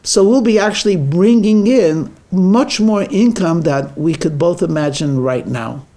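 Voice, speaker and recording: A man acting out an ambitious village husband, full of schemes and pushing every plan further. The voice sits high and stays insistent. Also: measured pace, dark tone. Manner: insistent, grandly planning, bursts into anger.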